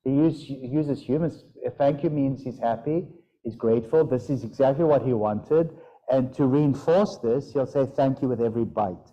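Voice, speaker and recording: A man's voice: medium pitch, moderate pace, muffled recording. Man leading a casual group talk. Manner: animated, imitates his pets' sounds. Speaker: group leader.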